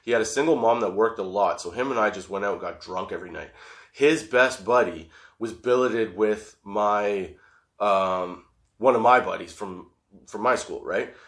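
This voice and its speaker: A man's voice: on the low side, moderate pace, fairly bright tone. A man hosting a comedy podcast, telling a rambling, profane story and laughing at it as he goes. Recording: roomy echoey room.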